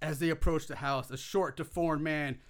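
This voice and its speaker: A man's voice: on the high side, steady tone, normal speed. A man reading a comedy horror story aloud to friends, laughing and stumbling over words as he goes. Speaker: reader narrating a fan story.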